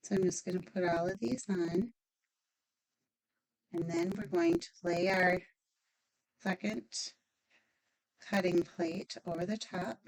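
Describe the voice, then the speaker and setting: A woman's voice: lowish voice, expressive, slow, long pauses, low-quality recording. A woman demonstrating a stamping craft project, chatty and upbeat, thinking aloud as she works.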